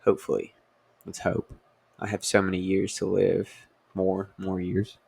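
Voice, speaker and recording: A young man with a very low, gravelly voice, drifting through a loose comedy monologue. He keeps stopping to correct himself and stacks up ums and you-knows as he goes. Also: completely flat delivery, a little slow, a little mellow. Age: young adult. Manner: meandering, filler-heavy, self-correcting. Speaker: comedian host. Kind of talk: casual rambling monologue.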